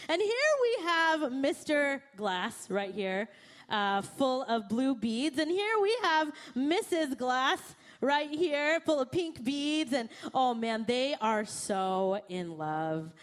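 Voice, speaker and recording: Her voice is high-pitched and she takes it slowly as this young woman, a pastor, delivers a sermon built on a personal story. With animation, she acts out the panicked things she thought at the time.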